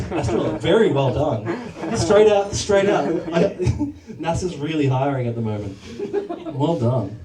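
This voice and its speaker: A man's voice: on the high side, expressive, measured pace. A man doing stand-up crowd work as MC in a comedy club, rambling and self-deprecating, laughing at his own jokes. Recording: echoey club from a distance, noisy.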